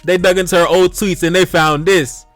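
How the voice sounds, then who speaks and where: High-pitched guy reacting to posts, laughs a lot, lectures the brothers, faint music behind. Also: normal speed, no echo. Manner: animated, laughs often, repeats exclamations; preachy, addresses "brothers" directly. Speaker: reaction video host. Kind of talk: commentary on social media posts.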